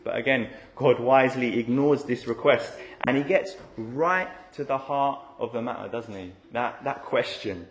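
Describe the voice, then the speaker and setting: Male preacher, mid-pitched, chatty expository sermon style with rhetorical tag questions, recorded in a reverberant room. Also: moderate pace, hardly any pauses, a little hiss or hum.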